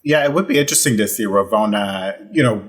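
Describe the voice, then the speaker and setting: A man co-hosting a casual panel chat, jokey and chatty with animated asides. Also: fairly low pitch, quick pace. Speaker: co-host.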